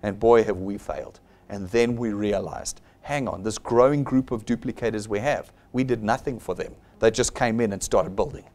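A man's voice: lowish voice, normal speed, darkish tone. A middle-aged man giving a motivational business seminar in an emphatic, exhorting manner. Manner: emphatic and exhortative, acts out quoted voices. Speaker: seminar presenter for his company.

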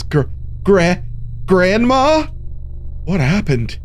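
A man's voice: high voice, very animated, slow pace, slight background noise. A man joking sarcastically through a let's play commentary. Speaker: gamer.

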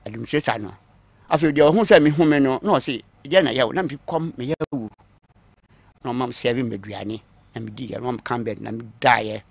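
A man recounting his own long story on a talk show, acting out what others said to him, moving between quiet asides and louder bursts. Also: mid-range voice, fast talker, vocal fry, dry recording. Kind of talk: call-in story telling.

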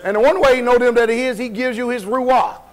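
Preaching to a congregation in a church sanctuary, a man speaks with an extremely high pitch, fairly even intonation, and a brisk pace, on a rough recording. His style is loose and colloquial: he poses questions, laughs at what he says, and alternates between loud and quiet.

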